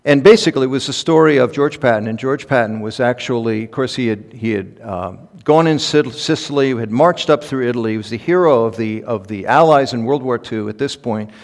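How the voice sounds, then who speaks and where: A man, a pastor, preaching a sermon in a conversational, halting way full of ums, now and then rising to emphatic peaks. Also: mid-range voice. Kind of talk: sermon with personal stories. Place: large conference hall. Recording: long hall reverb.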